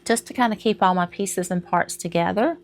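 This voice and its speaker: A woman's voice: medium pitch, fairly quick. A middle-aged woman, chatting casually to camera at home, rambling and laughing at herself. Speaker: crochet vlogger.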